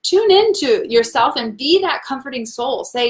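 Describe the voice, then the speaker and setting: A woman hosting a live tarot reading, talking warmly and encouragingly to her viewers, laughing often and reading out their comments. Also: sits high, expressive, moderate pace. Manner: warm, encouraging, talks to viewers as "guys".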